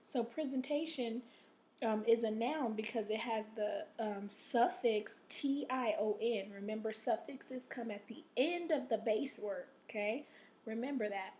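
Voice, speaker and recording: A woman's voice: a little high, measured pace, dark tone, a little hiss or hum. A woman teacher giving a recorded reading lesson to children, patient and checking in often, sometimes reading aloud with expression. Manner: patient, repeats "okay?" to check in.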